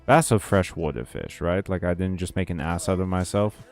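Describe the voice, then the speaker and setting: A man's voice: deep voice, normal speed, darkish tone, faint music behind. A man streaming a game, chatting casually with viewers, joking and swearing as he plays. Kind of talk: casual gameplay commentary.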